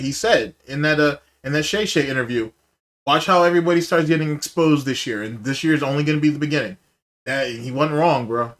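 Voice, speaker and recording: A man's voice: mid-range voice, a bit bright. A man hosting a live podcast in casual chat, loose and profane, reacting to viewer messages. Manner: profane, loose and chatty, bursts into laughter. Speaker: podcast host.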